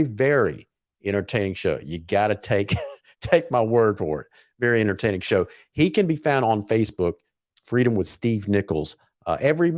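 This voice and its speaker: A man hosting a casual talk show and reading sponsor messages, excitable and wired on caffeine, tripping over his words. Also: lowish voice, no room sound, clean studio sound. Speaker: host.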